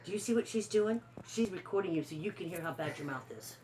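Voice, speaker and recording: A woman's voice: lowish voice, lively intonation, fast, a little mellow, a little hiss or hum. A woman teasing and scolding her pet bird on camera at home, mock-stern and laughing.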